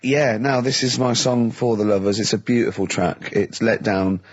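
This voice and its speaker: Husky-voiced male radio host, close and dry. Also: fairly low pitch, normal speed, dry recording, lo-fi sound. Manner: chatty, playful, introduces records. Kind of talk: casual studio banter. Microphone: studio microphone.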